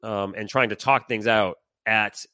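A middle-aged man telling a heated personal story on a podcast, animated and swearing, acting out the people he quotes. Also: on the low side, unhurried, no room sound, clean studio sound. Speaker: podcast co-host. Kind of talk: casual storytelling chat.

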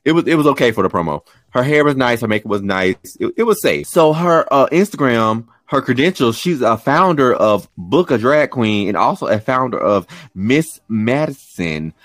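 A man's voice: mid-range voice, expressive, normal speed, few pauses, a bit bright, dry recording, clean studio sound. A man co-hosting a podcast in casual chat, given to dramatic mock-angry rants. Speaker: podcast co-host.

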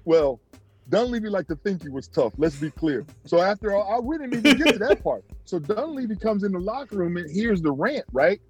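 A man, a former pro basketball player, telling stories in a casual interview, animated and jumping up in pitch when he acts out other people. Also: brisk, soft background music.

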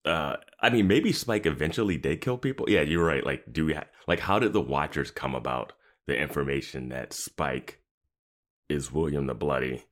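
A man's voice: rumbling low, normal speed. A man co-hosting a podcast, thinking aloud and asking questions in casual chat, laughing often. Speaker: podcast co-host.

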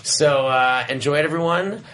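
A man co-hosting a casual podcast chat in a relaxed, conversational way. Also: fairly high pitch, moderate pace, over a noisy crowd. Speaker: podcast co-host.

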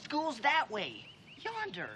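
An actor playing a wisecracking, mocking high school boy in a film scene. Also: huge pitch swings, slow, pushed and bright, exaggerated voice. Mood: coaxing. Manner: jokey, teasing, then soothing. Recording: film audio with faint background noise.

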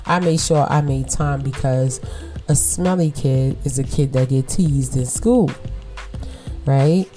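A woman's voice: extremely low pitch, takes it slowly, dark tone, faint music behind. A woman and mother hosting a casual motivational podcast, speaking with emphasis, repeating words for stress and often laughing.

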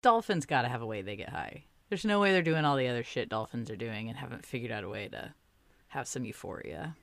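Low, swinging-voiced blunt woman. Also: lively intonation, vocal fry, dry recording. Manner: blunt and crude, quick jokes. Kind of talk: casual podcast chat.

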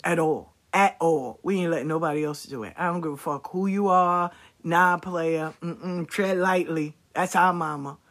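A woman's voice: lowish voice, fairly bright tone. A woman speaking casually to her viewers, blunt and profane, repeating her points for emphasis. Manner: emphatic repetition.

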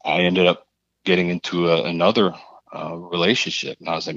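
Man, very low voice, monotone, halting and earnest, dry dull lo-fi sound. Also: dry recording. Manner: halting, earnest, repeats phrases. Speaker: podcast guest, author. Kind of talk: personal story in conversation.

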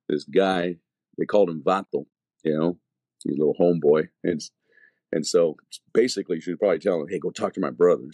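Deep husky man telling a slangy testimony. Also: mellow, dry recording. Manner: slangy, many fillers and restarts. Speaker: evangelist telling his testimony. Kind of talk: casual testimony storytelling.

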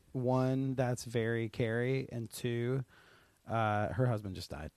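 A man's voice: medium pitch, steady tone, slow, a little mellow, clear, resonant tone, dry recording. A man co-hosting a casual TV recap podcast, chatty and easygoing, hedging his views. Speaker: podcast co-host. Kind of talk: casual chat recapping a TV show.

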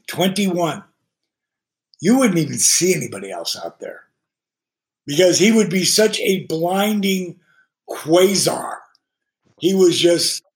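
A man who is a guest on a podcast, telling profane, animated stories and acting out the voices of people he quotes. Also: sits high, vocal fry. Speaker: guest, retired pro wrestler. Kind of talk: profane storytelling podcast chat.

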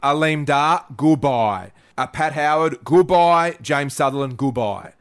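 A man's voice: mid-range voice, fairly bright tone, clear, resonant tone. An Australian man, a podcast co-host, ranting in a fired-up, indignant way. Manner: indignant, rapid-fire complaints.

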